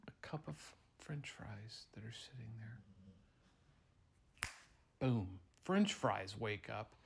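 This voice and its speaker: Slow, playful man making up a story. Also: fairly low pitch, creaky, slightly rough. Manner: playful, drawn-out, hushed then excitable. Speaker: storyteller to a child. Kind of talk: improvised bedtime story.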